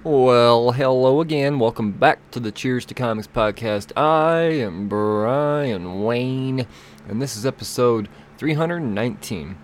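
A man's voice: medium pitch, normal speed, hardly any pauses, a little hiss or hum. A man hosting a comics podcast, reading sponsor spots casually, rambling and joking with himself. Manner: rambling, self-interrupting, jokey. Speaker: podcast host. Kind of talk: casual podcast reads and intro.

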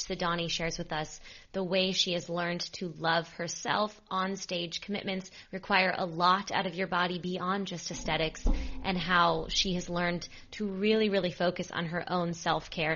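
A woman's voice: on the low side, sharp tone. A young woman hosting a podcast, talking in an upbeat, chatty, self-joking way. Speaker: podcast host. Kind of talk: casual podcast chat. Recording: slightly dull lo-fi sound.

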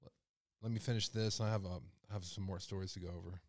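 A man's voice: sits low, fairly even intonation, quick pace, a little mellow, no room sound, clean studio sound. A man hosting a live call-in show, speaking with raw emotion and his voice rising when he is upset. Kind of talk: live-stream commentary.

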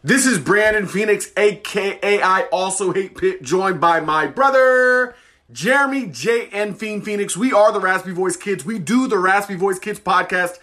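A man's voice: high voice, normal speed, bright, forceful tone. A man hosting a podcast, giving a punchy promo read. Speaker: podcast host.

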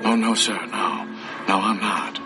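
An actor playing a cocky young male recruit answering back in a breathy half-shout, from a movie clip. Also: fairly low pitch, unhurried, over music, natural voice.

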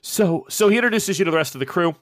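A man's voice: high voice, lively intonation, fast talker, dry recording. Rambling man narrating as game master. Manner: rambling, many fillers and self-corrections.

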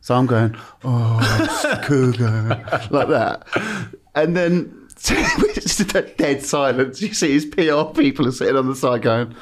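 A man's voice: mid-range voice, expressive, measured pace. An English man, a former football TV presenter, telling stories as a podcast guest, swearing freely, laughing through them and acting out what people said. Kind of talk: anecdotal storytelling. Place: podcast studio.

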